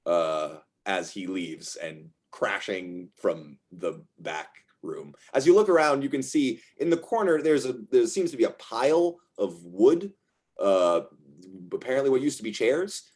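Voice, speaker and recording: A man's voice: on the low side, animated, unhurried, a little mellow. A man narrating a tabletop game as game master, hesitating and restarting often. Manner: hesitant, many fillers and restarts.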